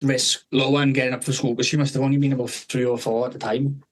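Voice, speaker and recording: A man, hosting a podcast, who tells a rambling, animated story, swearing constantly and laughing partway through. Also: medium pitch, fast, low-quality recording. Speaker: podcast host. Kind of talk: casual storytelling chat.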